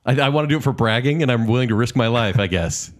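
A man with a Southern US accent, chatting casually as a podcast co-host and telling animated stories. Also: mid-range voice. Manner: animated storyteller, quick asides. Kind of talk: casual chat.

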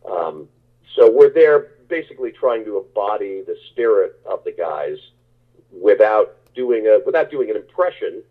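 A man's voice: fairly low pitch, animated, unhurried. A man, an actor, answering interview questions in a rambling, casual way with many restarts. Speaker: actor guest. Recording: tinny phone-like line.

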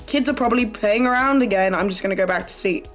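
A woman's voice: mid-range voice, fast talker, faint music behind, close to an everyday voice. A woman doing a cranky old hermit. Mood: grumpy. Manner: gruff, grumbling complaints. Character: grumpy old male hermit, drunk and cranky.

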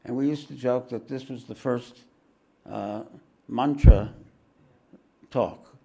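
A man, a spiritual teacher, reading aloud from a spiritual autobiography in a measured way and pausing for calm explanatory asides. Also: medium pitch, vocal fry.

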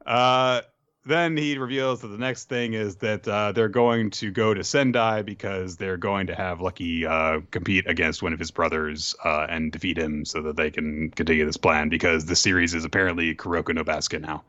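A man's voice: low voice, steady tone, normal speed, pushed and bright, no echo. A man hosting a podcast, recapping a story in a chatty way with joking asides. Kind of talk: casual manga recap. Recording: dull lo-fi recording.

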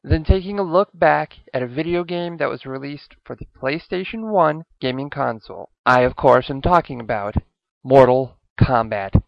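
A man's voice: medium pitch, normal speed, gravelly, no room sound, lo-fi sound. A man presenting a scripted review segment in a formal, announcer-like manner.

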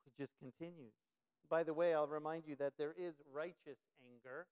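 A man preaching with a high, smooth voice that carries well. He drives his points home emphatically and slips into short acted quotes along the way. The recording is dull and lo-fi. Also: normal speed. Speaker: pastor. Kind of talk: sermon.

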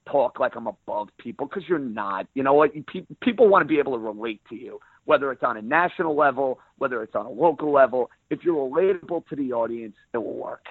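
A man's voice: medium pitch, expressive, fast talker, few pauses, dry recording. New York-accented sports radio man. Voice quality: rough around the edges voice. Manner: emphatic, plain-spoken. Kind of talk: interview guest, casual talk. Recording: phone line.

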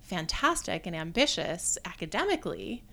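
A woman professor speaking as a guest in a podcast interview, talking in a thoughtful, measured way with frequent pauses to gather her thoughts. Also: lowish voice, sing-song, pushed and bright. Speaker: guest, theatre design professor.

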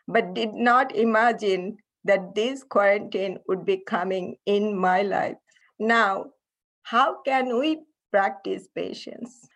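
A middle-aged woman giving an online Friday sermon, earnest and emotional. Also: medium pitch. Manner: slow, earnest, emotional delivery. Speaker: khateebah delivering a Friday sermon. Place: at home, online service.

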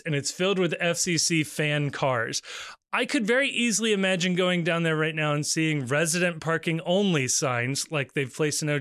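A man's voice: a little high, fairly bright tone, clear, resonant tone, dry recording, clean studio sound. A man co-hosting a podcast in casual chat, reading out online comments and laughing often. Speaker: podcast co-host.

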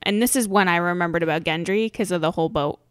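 Woman, mid pitch, casual chat, laughs a lot, dry recording. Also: no room sound. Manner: laughs often, quick reactions. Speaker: podcast co-host.

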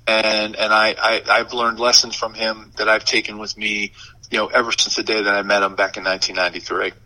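Low forceful man telling locker-room stories. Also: a little fast, poor audio. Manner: animated anecdotes, frequent "you know" fillers. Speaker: former football tight end, guest. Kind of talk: casual interview storytelling.

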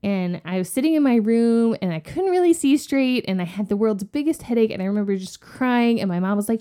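Animated storytelling woman in her forties. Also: a little high, fairly quick, few pauses. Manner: animated, acts out quoted voices with gasps. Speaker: podcast cohost. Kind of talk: casual storytelling.

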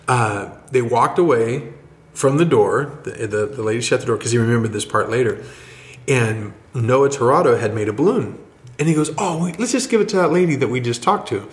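A man co-hosting a podcast, telling a church story in a rambling, halting, excited way. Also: mid-range voice. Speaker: podcast co-host, church member. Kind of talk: casual storytelling chat. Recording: roomy echo.

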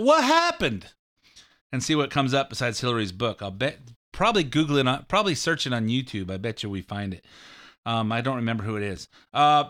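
A man's voice: medium pitch, sharp tone. A man hosting a talk show, rambling sarcastically through political commentary. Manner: rambling, sarcastic, mimics catchphrases.

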